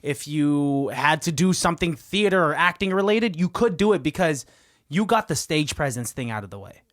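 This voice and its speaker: A man co-hosting a comedy podcast, relaxed and chatty. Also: on the high side, normal speed. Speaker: podcast co-host. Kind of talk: casual chat.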